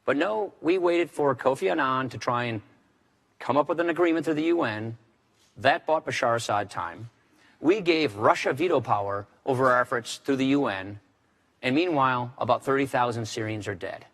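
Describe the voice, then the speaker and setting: A man's voice: medium pitch, animated, normal speed, fairly bright tone. Firm-voiced man debating on stage. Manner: firm, repeats key phrases for emphasis. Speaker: debate candidate, congressman. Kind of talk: formal political debate.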